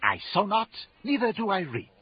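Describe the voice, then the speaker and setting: A man's voice: high-pitched, very animated, normal speed, slightly rough, no echo, exaggerated voice. An actor playing a spiteful, scornful male demon in a radio drama, sneering and theatrical. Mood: preaching. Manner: sneering, theatrical, swinging from growls to shrieks. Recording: dull lo-fi radio broadcast.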